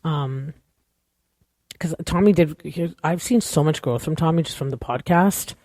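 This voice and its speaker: In a clean, dry studio recording, a woman with a low-pitched, dark voice talks at a measured pace. She hosts a podcast and runs through a show recap in a casual, candid, opinionated way, rambling with lots of "like" and "you know."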